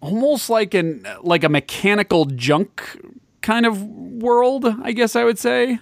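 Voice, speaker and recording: A man's voice: high-pitched, unhurried, creaky, dry recording. Rambling man chatting casually, dry sound. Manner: rambling, with many fillers and restarts. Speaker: podcast co-host. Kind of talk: casual chat about retro games.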